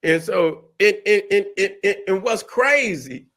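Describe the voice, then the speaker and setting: A man's voice: high voice, animated, unhurried, a bit bright. A middle-aged man giving a profane, repetitive, preachy commentary rant as host. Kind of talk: ranting commentary.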